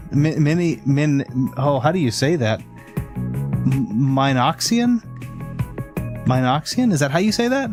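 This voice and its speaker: A man giving casual let's-play commentary, chatty and laughing often as he thinks aloud at the desk mic. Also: on the high side. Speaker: gameplay streamer. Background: background music.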